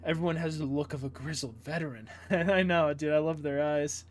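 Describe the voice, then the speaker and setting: A man's voice: fairly high pitch, steady tone, normal speed. A man reading a manga aloud and chatting casually about the art, enthusiastic and swearing freely. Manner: enthusiastic, swears a lot, says "dude". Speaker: manga reader. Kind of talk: casual read-along commentary.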